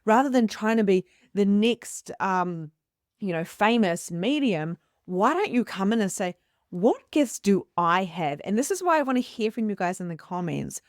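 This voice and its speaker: A woman's voice: mid-range voice, normal speed, no echo, studio quality. A middle-aged woman, a psychic medium host, telling a story casually to the camera and acting out the voices she quotes. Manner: animated, acts out quoted voices.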